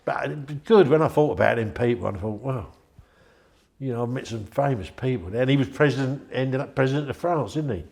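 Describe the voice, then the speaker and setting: An older man's medium-pitched voice is brisk, creaky and darkish as he chats through anecdotes in an interview. He wanders from point to point and restarts frequently.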